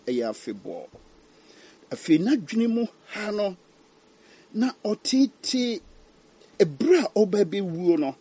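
A man preaching a fiery sermon, swinging from hushed warnings to loud cries. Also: on the high side.

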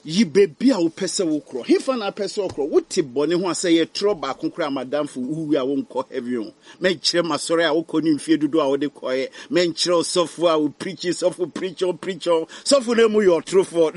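A man preaching a sermon, his voice swinging between loud dramatic peaks and hushed low passages. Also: brisk. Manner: switching between English and Twi, dramatic rises and drops.

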